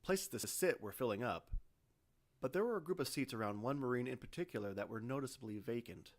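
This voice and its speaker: A man, the author, reading his own science fiction story aloud in steady, even narration. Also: mid-range voice. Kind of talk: audiobook narration.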